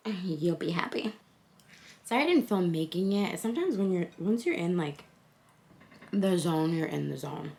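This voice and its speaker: A woman's voice: on the low side, animated, moderate pace, creaky, a little mellow, slight background noise. A woman in her thirties chatting casually to her phone camera for a home vlog, full of fillers like "like" and "so yeah". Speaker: vlogger.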